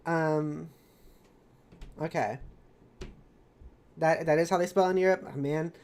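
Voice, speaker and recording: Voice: medium pitch, steady tone, takes it slowly, darkish tone. Chatty, giggly stream narrator. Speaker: streamer narrating campaign lore. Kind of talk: reading a story recap with asides.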